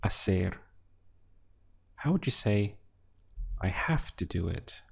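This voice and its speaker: A man teaching a beginner language lesson, asking patient prompts and then giving clear model answers. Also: fairly low pitch, sing-song, takes it slowly. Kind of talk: slow, deliberate language lesson with pauses.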